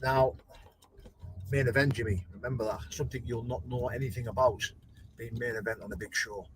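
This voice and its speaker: A man's voice: mid-range voice, fairly even intonation, brisk. Aggrieved man, faint noise. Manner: aggrieved, defensive, repeats "mate". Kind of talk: callout video.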